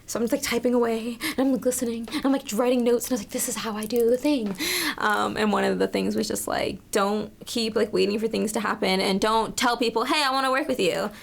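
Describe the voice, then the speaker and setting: A woman's voice: a little high, fairly even intonation, fast talker, vocal fry. A young woman being interviewed in casual chat, bubbly and emotional, her stories full of "like" and quoted asides. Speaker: interview guest, makeup artist.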